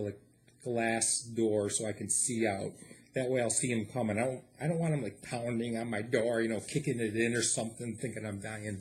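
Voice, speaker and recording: A man vlogging a personal story in a casual, animated way, acting out his own quotes and laughing often. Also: mid-range voice, a little hiss or hum.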